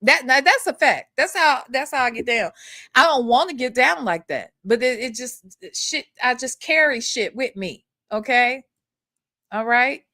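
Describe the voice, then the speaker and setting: A woman's voice: high-pitched, lively intonation, unhurried, bright, forceful tone, dry recording, clean studio sound. A woman hosting a casual commentary livestream and reading chat comments, emphatic and profane, tagging lines with "okay?". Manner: emphatic and repetitive, profane, keeps adding "okay?". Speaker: host.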